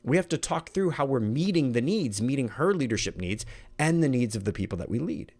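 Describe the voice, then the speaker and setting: Guy running an online workshop, pitch going up and down a lot. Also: fairly quick. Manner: lively, acts out little quoted voices. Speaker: workshop presenter.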